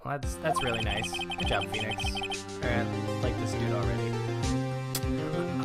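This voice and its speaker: A man talks casually while he plays through a story game, making wry jokes at his own expense. His asides are quiet and dry. Game music plays clearly behind him. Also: medium pitch, fairly even intonation, slow pace, long pauses. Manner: wry, self-mocking, soft-spoken asides. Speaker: streamer. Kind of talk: casual game-play commentary.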